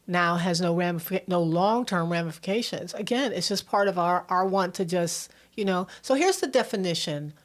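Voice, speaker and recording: A middle-aged woman therapist co-hosting a casual podcast chat, animated, acting out quoted voices and often repeating words. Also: on the low side, moderate pace, hardly any pauses.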